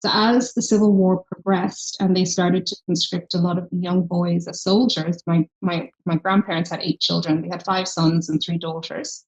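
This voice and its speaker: Woman with a softened Irish accent. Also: on the low side, normal speed, few pauses, lo-fi sound. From Ireland. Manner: earnest storytelling, lively quoted voices. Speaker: guest, health tech founder. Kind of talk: podcast interview.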